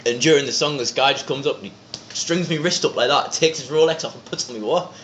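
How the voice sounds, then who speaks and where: A young man races through his stories at a quick clip, acting out the other voices and swearing freely. His voice sits in an echoey room, and the recording is a little dull. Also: medium pitch, a little hiss or hum. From North East England. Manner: rapid, animated anecdotes with lots of swearing and acted-out quotes. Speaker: band member, podcast guest. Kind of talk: casual storytelling chat.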